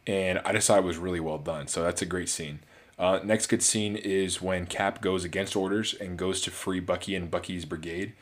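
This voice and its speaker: A man's voice: deep voice, steady tone, normal speed. A man giving a casual, rambling movie review on his channel, full of fillers and restarts.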